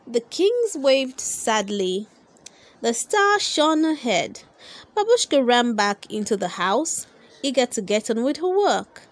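A woman reading a children's storybook aloud in an expressive storytelling manner. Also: a little high, slow. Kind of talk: read-aloud storybook narration.

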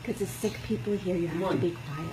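A woman filming on a phone in a hospital room, gently shushing and coaxing with amused questions. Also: lowish voice, brisk, a little hiss or hum. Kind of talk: casual hushed chat.

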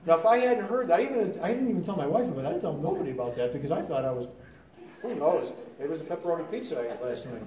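Older male lay teacher, chatty storyteller full of restarts, higher pitch, faint room hum behind. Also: darkish tone, reverberant, far from the mic, poor audio. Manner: conversational storytelling with many restarts. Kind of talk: teaching talk on prayer.

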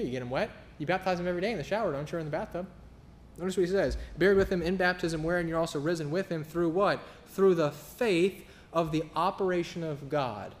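A man preaches in a loose, sarcastic style, acting out other people's voices as he goes. His voice sits a little higher than usual for a man. A faint hum of the room runs underneath. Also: reverberant. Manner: casual, sarcastic and flippant in delivery; acts out quoted voices in storytelling. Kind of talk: sermon. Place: church.

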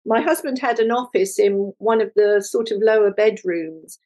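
An older woman, an artist being interviewed, telling a personal story in a lively conversational way and acting out the voices of people she quotes. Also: medium pitch, normal speed, rough recording. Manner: animated, acts out quoted voices. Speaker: guest, multimedia artist.

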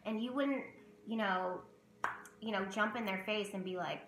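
A woman's voice: medium pitch, a little slow, a bit bright, reverberant, low-quality recording. A woman vlogging about tarot in casual chat to camera, emotional and rambling, with many fillers and restarts.

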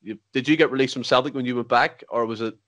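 A man's voice: mid-range voice, fast, fairly bright tone, no room sound. A man hosting a podcast, asking long, chatty, rambling questions. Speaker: podcast host. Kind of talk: casual interview questions.

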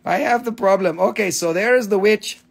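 A man hosting a live crystal sale on his phone, excitable and chatty, swearing casually and laughing often. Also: sits high, fairly quick, creaky, over a noisy crowd. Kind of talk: live-stream sales chat.

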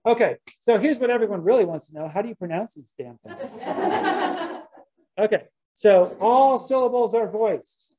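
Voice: medium pitch, expressive, normal speed, noisy background. A botany lecturer giving a casual talk to gardeners, chatty, often restarting sentences and dropping wry asides.

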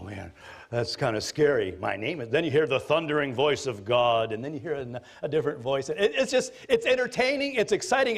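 A man, a pastor, preaching a sermon in an animated, jokey storytelling manner. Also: fairly high pitch.

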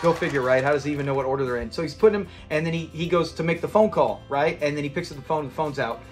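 A man's voice: fairly high pitch, rapid-fire, music in the background. A man hosting a casual episode review, chatty and rambling, laughing as he retells scenes. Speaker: channel host reviewing a sitcom episode.

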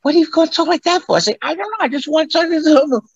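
A man putting on a high squeaky voice for a small, tough young male bully character. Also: sing-song, rapid-fire, no echo, muffled recording, full character voice. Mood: whiny.

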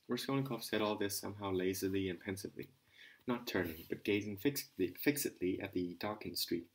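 A man narrates a novel in a hobby audiobook. His voice sits fairly low, and he reads steadily, now and then tripping over a word and starting it again. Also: brisk, low-quality recording. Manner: occasional stumbles and restarts. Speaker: audiobook reader.

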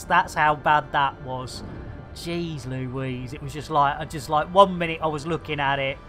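Man, unhurried rambling game commentary, loud game music behind. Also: a little high. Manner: jokey, rambling banter with many fillers. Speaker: game streamer. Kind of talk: casual gameplay commentary.

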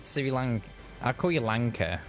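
A man's voice: medium pitch, animated, measured pace, faint music behind. A man giving casual, upbeat commentary while streaming a game. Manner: chatty, upbeat, self-narrating. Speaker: gaming streamer.

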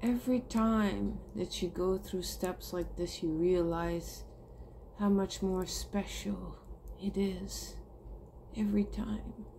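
A woman's voice: mid-range voice, steady tone, takes it slowly, vocal fry, warm tone, slight background noise. A woman talking earnestly and emotionally to her viewers in a heartfelt monologue, swearing casually. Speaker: spiritual vlogger.

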